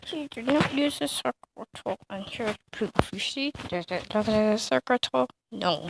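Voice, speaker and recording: A woman's voice: medium pitch, creaky, noisy background. A woman ranting casually in a reaction video, mocking and giggly, rambling with many fillers. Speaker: video creator.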